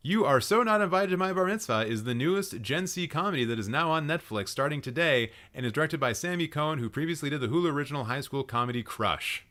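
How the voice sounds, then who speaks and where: A man's voice: on the high side, expressive, fast talker, few pauses. A young man hosting a live stream, reading out viewers' film lists and mocking them with sarcastic asides and frequent laughter. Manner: sarcastic, mocking, laughs often, swings loud and quiet. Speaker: livestream host roasting viewer film profiles.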